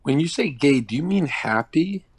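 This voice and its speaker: A man's voice: fairly high pitch, lively intonation, normal speed, breathy edge, no echo. A man calling in to a casual chat, provocative and crude, laughing at his own bits. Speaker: caller.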